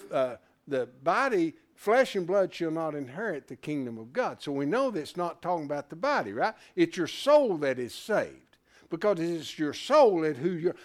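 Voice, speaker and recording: A man teaching scripture to a class in a folksy, interactive sermon style, asking questions and joking along the way. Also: a little high. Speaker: Bible study teacher.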